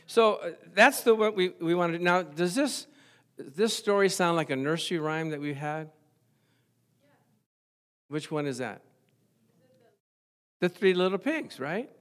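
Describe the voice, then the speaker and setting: Older male pastor, animated sermon storyteller, slightly high voice. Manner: animated storyteller, rising to exclamations.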